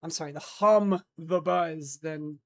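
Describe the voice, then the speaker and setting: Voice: medium pitch, takes it slowly. Groggy streamer, restarting flubbed lines. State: drowsy, just woken up. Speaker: livestream host reading news. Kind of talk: casual livestream chat and news read-out. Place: indoor streaming setup in Los Angeles. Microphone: streaming mic with noise cancellation.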